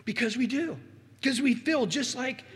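A man preaching a sermon as pastor, animated and acting out quoted voices. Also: very high-pitched, normal speed. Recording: hall reverb.

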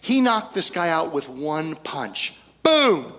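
A male pastor preaching a storytelling sermon, folksy, with humorous asides and pauses for effect. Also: fairly high pitch, very animated, a bit bright.

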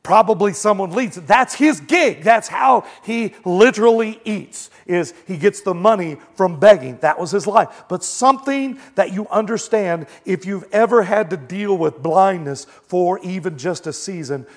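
High-voiced man preaching conversationally. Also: measured pace, few pauses. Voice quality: blind in one eye. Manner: conversational preaching, building to shouted quotes. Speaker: pastor. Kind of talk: sermon.

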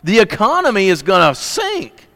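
Scheming Egyptian courtiers, all men, fret in a slow, mock-dismayed drawl, as a preacher puts them on. The voice sits a little high for a man. It rings out with a long hall reverb. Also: wildly swooping pitch, creaky, a bit bright, exaggerated voice.

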